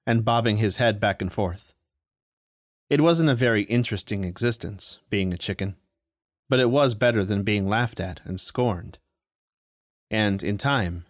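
Man narrating a storybook, lowish voice, dry close mic. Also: no echo. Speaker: audiobook reader.

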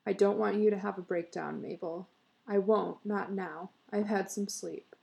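An earnest, fussing husband, read aloud by a woman. He coaxes and insists. The voice is gravelly and warm. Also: medium pitch, fairly even intonation, a little slow. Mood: proud. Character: earnest husband, eager and fussing, middle-aged.

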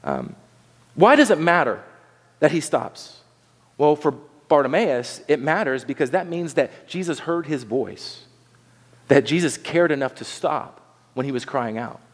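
A man's voice: on the high side, measured pace. Man preaching in a reverberant hall. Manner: animated preaching, acts out voices of the crowd and the blind man. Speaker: pastor. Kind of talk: sermon.

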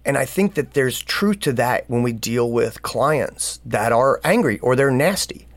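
A man's voice: mid-range voice, expressive, a little slow, no echo. Earnest man asking rhetorical questions. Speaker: podcast co-host. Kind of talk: casual conversational advice.

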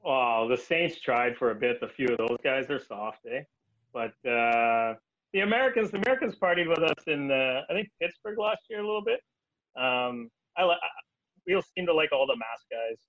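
A man from Canada with a Canadian accent, telling stories in casual chat as a guest, animated, laughing and leaping into high voices for quotes. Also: normal speed, dry recording, dull audio. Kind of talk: casual storytelling.

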